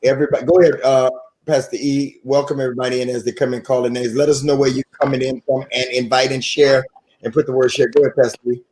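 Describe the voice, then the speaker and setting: A man's voice: mid-range voice, little pitch movement, quick pace, a little mellow, poor audio. A man hosting a live relationship talk show in a casual, welcoming way. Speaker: host.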